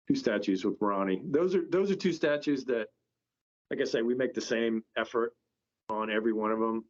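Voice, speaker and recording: Low-voiced man telling a rambling story. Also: darkish tone. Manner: rambling, with many restarts. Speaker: guest, company founder. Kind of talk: casual storytelling. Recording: dull lo-fi podcast audio.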